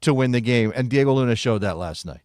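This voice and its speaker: A man's voice: mid-range voice, expressive, fast, darkish tone, clean tone, no room sound. Chatty American man, dry close sound. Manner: rambling, self-correcting, chatty. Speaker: podcast co-host. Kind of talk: casual soccer talk show.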